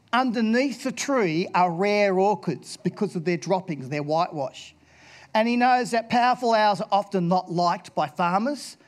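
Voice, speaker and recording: A man telling a story to a room of children, animated and expressive, lifting into playful voices and dropping low and quiet for serious points. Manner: animated, acts out characters in high voices. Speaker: speaker addressing schoolchildren. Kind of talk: storytelling talk to an audience.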